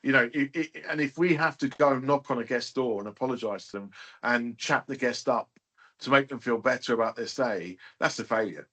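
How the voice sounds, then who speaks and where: Male hotel owner, interview guest, mid-range voice, relaxed and talkative, loose filler-heavy delivery. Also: mid-range voice, moderate pace. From United Kingdom. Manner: chatty, many fillers like "you know". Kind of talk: casual interview chat.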